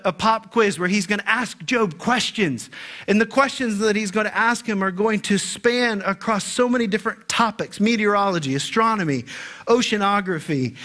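A man with a notably high voice delivers a sermon as a pastor. He talks in a casual, conversational way, with quick asides to the congregation. He slows right down when he reads scripture. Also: fairly bright tone.

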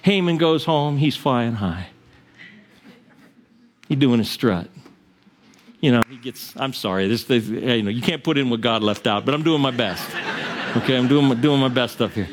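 A man's voice: medium pitch, moderate pace, pauses often, background noise. A male pastor preaching a sermon, retelling a story animatedly and acting out its characters.

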